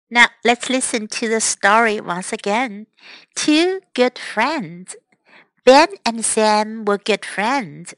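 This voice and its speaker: A woman English teacher reading a story for children slowly and clearly, repeating phrases for learners, close to the mic. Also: on the high side, big pitch swings, pushed and bright, dry recording, poor audio. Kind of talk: bilingual storybook lesson for children.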